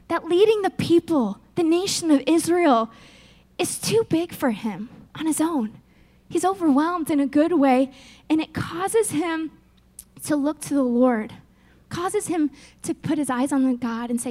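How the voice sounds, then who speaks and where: High-voiced woman giving an animated sermon. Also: unhurried. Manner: animated, acts out prayers and quotes with laughs. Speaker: women's ministry speaker.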